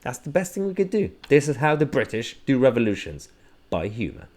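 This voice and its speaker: A man's voice: medium pitch, sing-song, brisk, a little mellow. A man hosting a political commentary vlog, talking sarcastically and mockingly with chuckling asides. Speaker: host.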